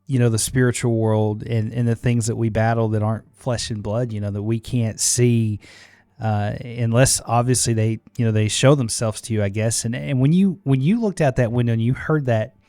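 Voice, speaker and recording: A man's voice: mid-range voice, steady tone, moderate pace, mellow, dry recording. A man hosting a podcast interview, asking his guest questions in an earnest, searching way with many restarts. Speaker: podcast host.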